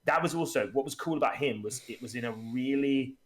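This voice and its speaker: In a brisk, medium-pitched voice, this podcast co-host and game master talks loosely on a laid-back tabletop gaming show. He rambles, restarts often, and performs the players' lines.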